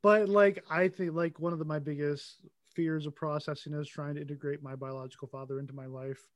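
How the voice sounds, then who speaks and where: A man's voice: on the high side, flat delivery, a little fast, dry recording. A man hosting a podcast interview, rambling with fillers and restarts as he shares and asks. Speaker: podcast host. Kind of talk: casual interview chat.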